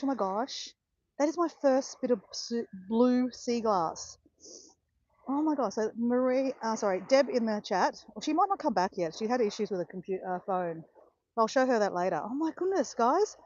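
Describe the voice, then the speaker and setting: A woman chatting excitedly to live viewers on a phone while walking outdoors on a beach. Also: fairly high pitch, dry recording. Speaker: walking vlogger on a live stream. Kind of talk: casual chat to live viewers. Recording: dull lo-fi phone audio.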